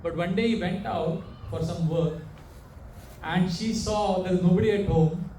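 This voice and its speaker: A man gives a sermon, telling stories and putting animated questions to his listeners. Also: sits high, normal speed, slight background noise. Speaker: monk preacher. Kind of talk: sermon with storytelling. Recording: echoey room, mic far off.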